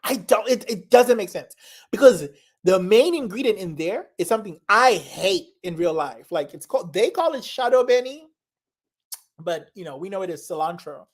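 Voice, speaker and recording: A woman's voice: mid-range voice, animated, normal speed, husky. A young woman from Zimbabwe, chatting casually and enthusiastically, rambling, repeating herself and laughing often. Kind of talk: casual chat.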